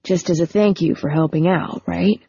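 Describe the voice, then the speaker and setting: A woman's voice: fairly low pitch, moderate pace, creaky, breathy edge, dry recording, muffled recording. A woman reading the part of a blunt, teasing older brother in an audiobook, with a blunt, forthright delivery. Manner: blunt, loud outbursts.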